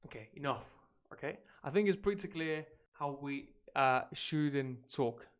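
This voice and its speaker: A man's voice: fairly high pitch, expressive, unhurried, clean tone. Spanish-speaking guy teaching english live, talks casual and blunt, swears a bit. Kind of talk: casual livestream lesson.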